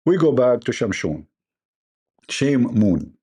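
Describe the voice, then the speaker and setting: A man's voice: mid-range voice, very animated, takes it slowly, dark tone, husky. A man hosting a livestream, giving mocking commentary in a sarcastic manner, laughing often and mimicking voices. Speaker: livestream host.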